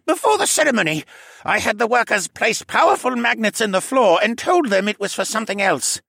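Casting: a man doing a panicky male alien professor, high-pitched and raspy, breathy under pressure. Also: big pitch swings, fairly quick, pushed and bright, dry recording, studio quality, exaggerated voice. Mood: nervous. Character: nervous male alien scientist defector, panting. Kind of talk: audiobook character voice.

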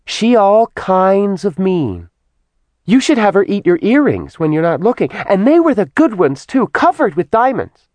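Man voicing a childlike demon girl, sing-song, very high, broken grammar, dry sound. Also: sing-song, measured pace, a little mellow, no echo. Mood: cheeky sing-song.

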